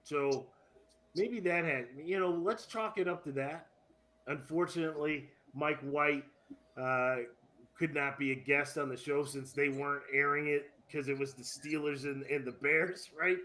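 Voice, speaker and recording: Male sports podcast co-host, casual and animated, laughs at his own jokes. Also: fairly high pitch, a little slow.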